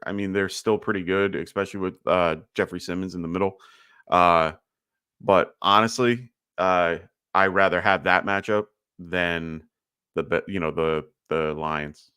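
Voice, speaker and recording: Low-voiced man, chatty livestream host. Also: fairly bright tone, clean tone, dry recording, studio quality. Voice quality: slight lisp. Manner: loose, chatty, many fillers. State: tired from little sleep. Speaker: fantasy football livestream host. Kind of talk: casual live Q&A commentary.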